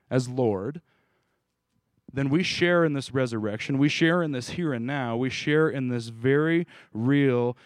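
A man's voice: mid-range voice, no echo. Casual preacher man quizzing his group. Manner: casual, conversational, asks the group questions, restarts. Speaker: pastor. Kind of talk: informal sermon with questions to the group.

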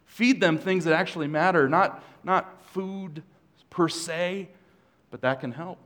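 In a church sanctuary with long hall reverb, a male pastor preaches a sermon in a conversational way, tossing joking asides to the congregation. His voice is a little high, unhurried and a bit bright.

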